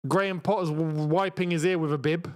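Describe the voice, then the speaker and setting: A young man from England hosting a live football watchalong, reacting loudly to the match and chatting with viewers. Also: fairly high pitch, steady tone, fairly quick, clear, resonant tone. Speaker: football channel host. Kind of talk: live watchalong commentary and chat.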